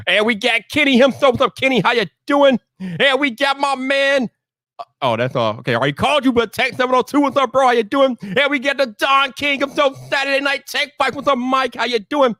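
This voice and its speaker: A man hosting a casual live stream, greeting viewers by name with bursts of energetic shouts. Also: high voice, dry recording, clean studio sound.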